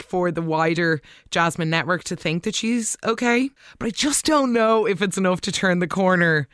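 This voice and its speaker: A woman's voice: fairly low pitch, a bit bright, no room sound, studio quality. A woman hosting a casual episode recap in a chatty, gushing way, acting out the lines she quotes. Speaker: soap opera recap host.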